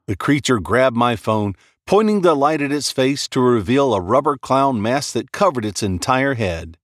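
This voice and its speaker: Male horror narrator, animated and dramatic, dry close-mic read. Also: medium pitch, moderate pace, no room sound. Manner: expressive, dramatic storytelling. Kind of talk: scripted first-person horror narration.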